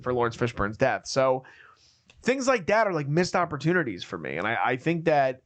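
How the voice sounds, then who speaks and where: A man co-hosting a film review podcast, talking casually and acting out movie scenes with quick quoted voices. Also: medium pitch, very animated. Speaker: podcast co-host.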